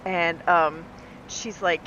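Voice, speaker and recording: A woman's voice: lowish voice, fairly even intonation, slow, muffled recording, over music. A woman in her forties streaming live, telling stories in casual chat while gaming, laughing often and acting out the people she quotes. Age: 40s.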